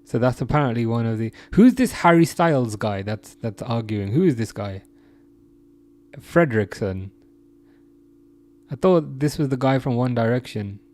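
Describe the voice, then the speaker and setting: A man's voice: mid-range voice, lively intonation, normal speed, pauses often, a little mellow. A young man from England hosting a casual live chat, reading out viewer comments, laughing often and restarting his sentences. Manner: chatty, laughs often, many restarts and fillers. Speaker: live stream host.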